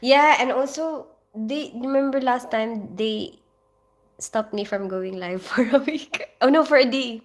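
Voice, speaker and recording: A woman's voice: fairly high pitch, measured pace. A chatty woman in her thirties hosts a casual livestream. She rambles through stories and asides and laughs often. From Philippines. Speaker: nurse and livestream host. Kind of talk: casual livestream chat reading viewer comments.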